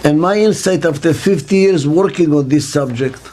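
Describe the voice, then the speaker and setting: An older man, a business consultant giving a reflective interview, speaks emphatically and deliberately, repeating key phrases and posing rhetorical questions. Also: on the high side, a little mellow.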